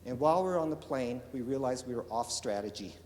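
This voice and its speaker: A man from eastern Oregon telling a lively business story to an audience, acting out the dialogue. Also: medium pitch, fast talker, a little hiss or hum. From eastern Oregon, USA. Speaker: entrepreneur giving a talk. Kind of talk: storytelling keynote speech. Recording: reverberant hall with faint ambience.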